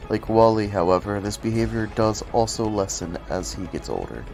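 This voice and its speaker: A man's voice: on the low side, sing-song, moderate pace, vocal fry, darkish tone, soft background music. A man talking casually into the camera, rambling and poking fun at himself, sometimes breaking into cursing rants. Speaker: video essay host. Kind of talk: casual commentary.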